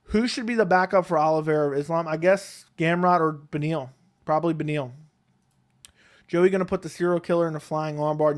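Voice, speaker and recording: Relaxed man chatting on a live stream. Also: fairly high pitch, a little fast. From Connecticut, USA. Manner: relaxed, rambling, answers chat questions one by one. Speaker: MMA YouTube host reading live chat. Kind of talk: casual live-stream chat. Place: home, seated in a chair. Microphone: close desk microphone.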